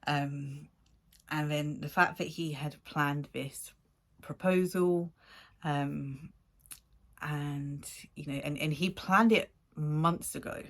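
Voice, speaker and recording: A woman's voice: low-pitched, slow. A woman in her forties casually telling a rambling story to camera, laughing often and acting out what people said. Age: 40s. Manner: rambling, animated, laughs often, acts out quotes. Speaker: vlogger.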